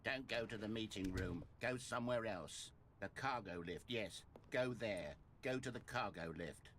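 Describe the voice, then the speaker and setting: An actor playing a male game narrator with measured, dryly sarcastic storytelling over game music. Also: fairly low pitch, fairly bright tone, slight background noise. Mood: wry. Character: wry male narrator, dry and fretful. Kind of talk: scripted narration.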